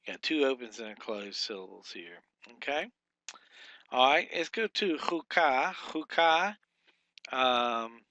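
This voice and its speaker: A man walks students through a recorded grammar lesson, pausing often with fillers and sounding out each syllable slowly. His voice is bright, and the sound is dry and close. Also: medium pitch, no room sound. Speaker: Hebrew teacher.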